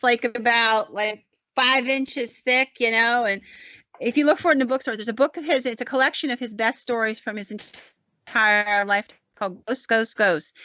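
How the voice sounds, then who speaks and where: A woman's voice: on the high side, bright, forceful tone, no echo, dull audio. A woman telling stories enthusiastically in a casual podcast chat. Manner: enthusiastic storyteller. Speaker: paranormal researcher guest.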